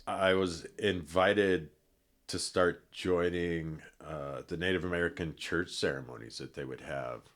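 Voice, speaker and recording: Very deep-voiced laid-back man. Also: a little slow, fairly bright tone. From Colorado. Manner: laid-back, rambling with fillers and restarts. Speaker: podcast guest. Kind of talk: casual storytelling.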